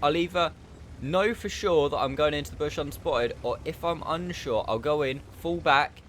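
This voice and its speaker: A man's voice: a little high, normal speed, a bit bright, slight background noise. A man giving casual, chatty commentary over his own gameplay, explaining tactics and poking fun at himself.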